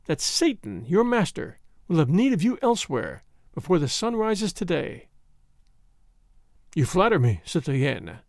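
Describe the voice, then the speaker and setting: A man's voice: a little high, sing-song, a little slow, dry recording, studio quality. A man doing a sly, sarcastic French agent. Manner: quiet, mocking courtesy.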